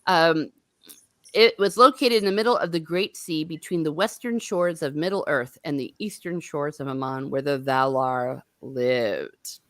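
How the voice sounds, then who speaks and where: Recorded with studio quality and no room sound, a woman with a deep voice keeps a measured pace. As host of a relaxed book-talk livestream, she's chatty, laughs a lot, and pokes fun at herself.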